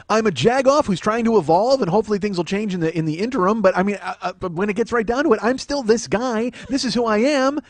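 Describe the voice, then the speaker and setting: A man in his forties rattles through a comic rant at a quick clip. His voice sits high for a man, and his tone is profane and mock-indignant. The sound is dry and close, with no room around it. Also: dry recording. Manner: ranting, profane, self-mocking, mock-indignant. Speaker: comedy podcast host. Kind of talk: solo comedic monologue.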